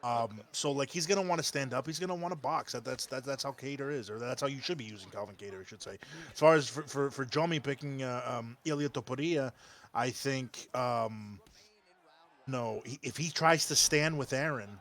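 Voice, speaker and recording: A man's voice: medium pitch, normal speed, a bit bright. A man co-commentating a video game fight, hesitant, restarting his sentences as he breaks down the matchup. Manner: hesitant, many fillers and restarts.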